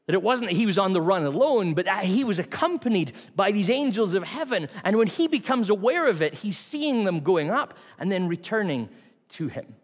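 A man preaching a sermon in a church, telling stories with a varied delivery that drops to quiet asides. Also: high-pitched, big pitch swings, a little fast, big-room sound.

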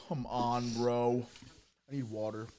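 A man co-hosting a casual podcast, laughing often and swearing casually, gagging and teary-eyed. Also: medium pitch. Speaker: podcast co-host. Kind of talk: casual comedic podcast chat.

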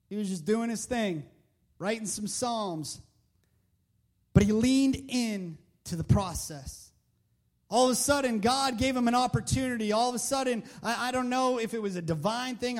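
A man preaching a sermon in a conversational, emphatic way, full of rhetorical questions, into a handheld mic. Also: very high voice.

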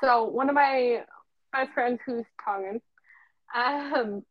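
A woman's voice: a little high, slow pace, no room sound, lo-fi sound. Chatty woman telling a story, dry sound. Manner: animated, swears freely, acts out past dialogue. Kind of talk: casual storytelling chat.

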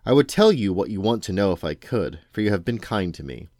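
A man's voice: fairly low pitch, very animated, darkish tone, no room sound, studio quality. Man voicing a drowsy riddling tomcat. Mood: drowsy cryptic. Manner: slow, lazy and cryptic. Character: drowsy aloof male talking cat, speaks in riddles. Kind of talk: storybook read-aloud.

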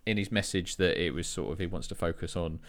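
Deep-voiced English man, casual chat. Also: fast talker. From England. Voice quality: relaxed, self-deprecating, hesitant with many fillers. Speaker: podcast co-host.

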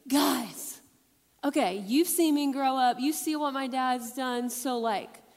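A woman's voice: sits high, slow pace. A woman voicing a young king who talks in a casual, hesitant way while asking for advice. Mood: musing. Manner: casual, hesitant, modern-sounding. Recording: long hall reverb.

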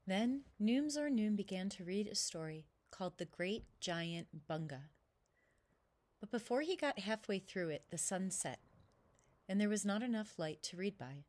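A woman reading a children's storybook aloud with steady, clear narration. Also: medium pitch, measured pace.

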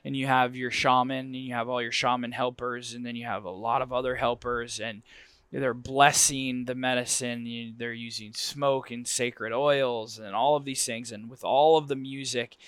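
Guy guest telling his story all animated, smooth voice, dry close mic. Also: mid-range voice, moderate pace, no room sound. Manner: lively, animated storyteller with frequent fillers. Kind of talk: personal storytelling.

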